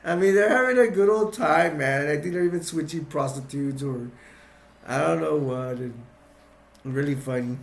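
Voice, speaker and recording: A man's voice: on the high side, normal speed, gravelly. A man casually recapping a film scene by scene, rambling, restarting his sentences and chuckling as he goes. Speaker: film reviewer. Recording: roomy echo.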